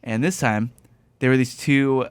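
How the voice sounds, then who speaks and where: A man's voice: mid-range voice, fairly even intonation, measured pace, clear, resonant tone, no room sound. A man hosting a casual podcast chat, telling a rambling anecdote with plenty of laughter. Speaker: podcast host.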